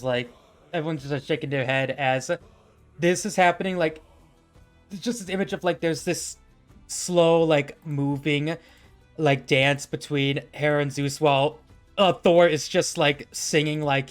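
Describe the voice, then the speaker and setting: A man narrating a tabletop game as its game master. His voice is on the high side, and he rambles along with lots of fillers. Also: steady tone, unhurried, soft background music.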